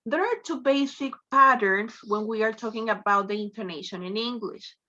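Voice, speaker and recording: Teacher lady, high bright voice, mixes spanish in, muffled call audio. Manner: explains slowly, switching between English and Spanish. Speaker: English teacher. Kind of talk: online class lecture.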